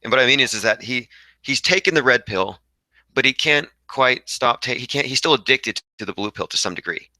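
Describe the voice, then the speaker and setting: A man's voice: mid-range voice, expressive, fairly quick, sharp tone, dry recording, rough recording. A young man hosting a casual livestream, reading viewer comments aloud and rambling combatively. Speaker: livestream host reading chat.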